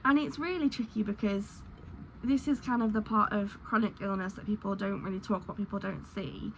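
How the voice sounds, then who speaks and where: A woman's voice: mid-range voice, steady tone, brisk, slight background noise, rough recording. A woman chatting casually in a vlog, rambling and candid with lots of ums. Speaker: crochet vlogger.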